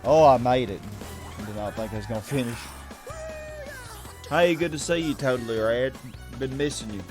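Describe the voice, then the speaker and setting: A man's voice: medium pitch, normal speed, music in the background. A man hosting a game stream, chatting casually, rambling and correcting himself as he greets viewers. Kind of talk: casual gaming stream chat.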